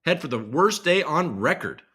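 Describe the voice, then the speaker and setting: A man's voice: on the high side, very animated, normal speed, sharp tone, slightly rough. A man hosting a casual live stream, reading headlines aloud and reacting with profane, rambling commentary. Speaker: crypto show host.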